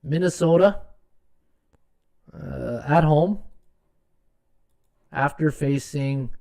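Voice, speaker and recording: On a live sports betting podcast, a host with a high-leaning, creaky, dark voice speaks very slowly. He rambles over stats, filling gaps and restarting often, now and then muttering to himself as he looks up numbers.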